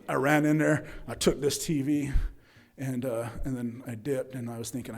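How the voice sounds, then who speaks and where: A man's voice: mid-range voice, little pitch movement, normal speed, a little mellow. Candid man telling his recovery story. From Utah, US. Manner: candid, rambling, frequent "right?" and "you know". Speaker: AA meeting speaker. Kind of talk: personal recovery story told to an audience. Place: AA speaker meeting.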